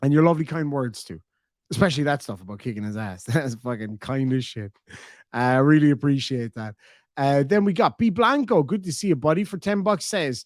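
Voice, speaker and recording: A man's voice: medium pitch, brisk, no echo, clean studio sound. A man with an Irish accent hosting a livestream, reading out viewer donations and reacting bluntly with plenty of swearing. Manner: blunt and profane, emphatic. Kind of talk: casual livestream chat.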